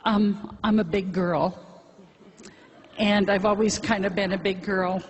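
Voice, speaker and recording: Slow, rambling middle-aged woman in a hall. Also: mid-range voice, steady tone, highs cut off. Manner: chatty, rambling, self-deprecating. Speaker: testimonial speaker at a convention. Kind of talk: casual spoken testimony to an audience. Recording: hall reverb, faint crowd and noise.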